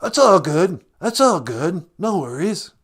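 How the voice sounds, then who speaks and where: A man voicing a mellow male movie star caller who drawls surfer slang like dude and gnarly. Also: high-pitched, sing-song, measured pace, breathy edge, voice pushed up, exaggerated voice. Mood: easygoing.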